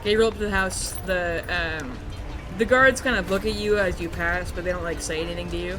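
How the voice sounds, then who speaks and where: A game master narrating a tabletop game in loose, rambling sentences. The voice sits at a medium pitch, and music plays clearly underneath. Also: fast talker. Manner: loose, filler-heavy narration.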